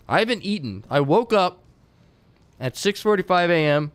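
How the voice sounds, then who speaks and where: A man's voice: high-pitched, lively intonation, moderate pace, no echo. A man hosting a game tournament on a live stream. He talks casually to his chat, rambling with fillers and restarts.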